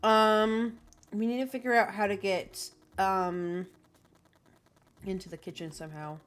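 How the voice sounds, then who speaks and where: A young woman streaming a video game, talking in quiet, mumbled asides. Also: medium pitch, steady tone, measured pace. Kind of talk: casual game stream chat.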